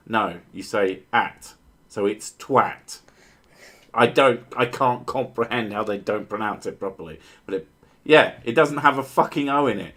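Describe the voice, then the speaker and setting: A man with a lowish voice chats in a slow, unhurried drawl. He trades crude, joking banter and breaks into silly voices now and then. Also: a bit bright. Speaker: podcast host. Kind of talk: casual chat.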